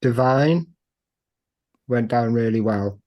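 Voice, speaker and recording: A man's voice: mid-range voice, slow, a little mellow. A man chatting on a live stream as a guest DJ, answering in brief, laid-back replies with hesitant fillers. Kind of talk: casual live-stream chat.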